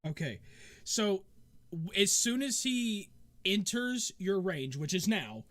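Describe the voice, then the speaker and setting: High bright-voiced man running a game. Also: big pitch swings, takes it slowly. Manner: casual, rambling with fillers. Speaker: game master. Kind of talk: narrating a tabletop game.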